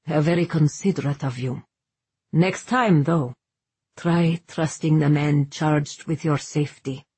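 A woman's voice: deep voice, dark tone, breathy edge, no echo, exaggerated voice. A woman doing a stern, stoic male guardian. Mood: stern, grave. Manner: grave, measured, unbending.

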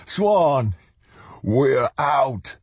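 A man's voice: low-pitched, takes it slowly, darkish tone, husky, no room sound, heavily acted. A man voicing a worn-out young man digging his way upward, talking in a weary, effortful, plain way. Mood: elated.

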